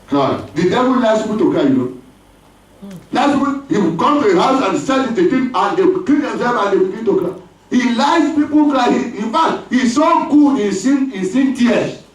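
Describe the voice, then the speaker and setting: Animated pastor in an echoey hall. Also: male voice, very high-pitched, moderate pace. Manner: animated preaching with call-and-response and acted voices. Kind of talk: sermon. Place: church hall. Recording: echoey church hall from far off.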